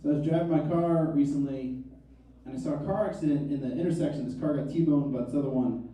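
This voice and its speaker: Comedian in his thirties, self-mocking and wry, with a soft, mellow tone; the recording is distant. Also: on the high side, fairly even intonation, quick pace, a little hiss or hum. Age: 30s. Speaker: stand-up comedian. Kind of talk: stand-up comedy set. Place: comedy club stage. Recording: echoey club, mic from far off.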